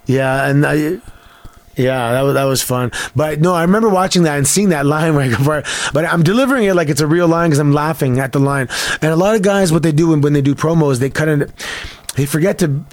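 A man speaking as a podcast guest in casual chat, often halting and repeating words as he starts a thought. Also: fairly high pitch, no room sound.

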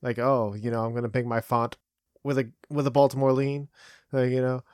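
An easygoing man co-hosting a gaming podcast, rambling loosely with plenty of fillers. His voice is at an ordinary middle pitch, recorded dry and close. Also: flat delivery, brisk, a little mellow, no room sound. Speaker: podcast co-host. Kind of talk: casual podcast chat.

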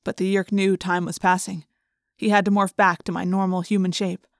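A woman reading a first-person story aloud as an audiobook narrator, measured and suspenseful. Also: on the low side, little pitch movement, dry recording, clean studio sound.

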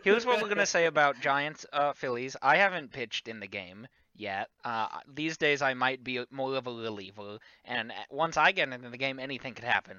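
A man's voice: mid-range voice, lively intonation, normal speed, hardly any pauses, pushed and bright, no room sound, dull audio. A man hosting a casual chat, joking and teasing the others and swearing freely. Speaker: podcast host.

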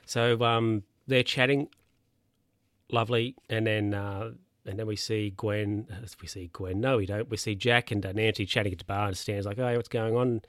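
A man's voice: fairly low pitch, steady tone, moderate pace, a bit bright, no room sound. Male podcaster, dry close sound, loose filler-heavy recap delivery. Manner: rambling, filler-heavy, self-correcting. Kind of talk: casual film recap.

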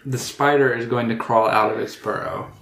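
A game master narrating a tabletop game at a relaxed pace, slipping in small asides and casual fillers. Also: medium pitch, normal speed, vocal fry, echoey room, slight background noise.

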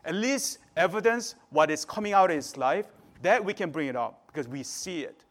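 Preacher, male, relaxed talk-style sermon, fairly high-pitched, casual pulpit delivery. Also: moderate pace. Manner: conversational preaching, frequent "right?" tags.

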